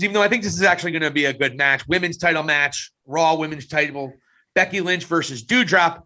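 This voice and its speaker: A man co-hosting a wrestling podcast in casual chat, teasing his partner and breaking into excited outbursts. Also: a little high, fast.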